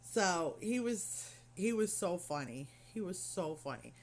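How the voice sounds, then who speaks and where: A woman's voice: on the low side, very animated, measured pace, slight background noise. A middle-aged woman craft vlogger telling a story in casual, rambling chat full of fillers and asides.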